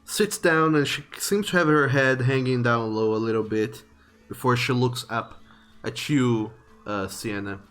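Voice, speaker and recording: A man with a mid-pitched voice, describing scenes as game master for a tabletop game. His narration is loose and descriptive, with many fillers. Music plays faintly underneath. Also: measured pace, fairly bright tone, clean tone.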